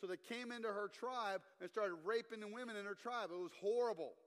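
A man, a guest preacher telling a story in an animated sermon. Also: sits high, brisk. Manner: animated storytelling preacher, asks the crowd to respond. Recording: long reverb in a hall.

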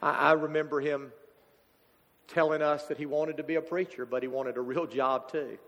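A man, preaching a sermon as a pastor, halting and emotional as a grieving father. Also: a little high, fairly even intonation, fairly bright tone, lo-fi sound. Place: church sanctuary. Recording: church hall reverb.

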